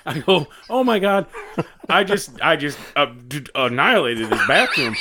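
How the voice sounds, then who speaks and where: A man co-hosting a podcast, telling a story in a casual, animated way with lots of laughter. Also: a little high, normal speed, heavy background noise. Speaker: podcast co-host.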